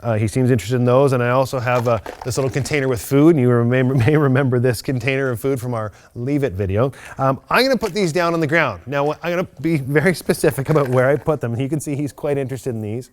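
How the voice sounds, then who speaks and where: Calm instructional male dog trainer. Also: medium pitch, fast talker, few pauses, slight background noise. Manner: calm, methodical explanations with upbeat praise to the dog. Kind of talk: instructional video demonstration.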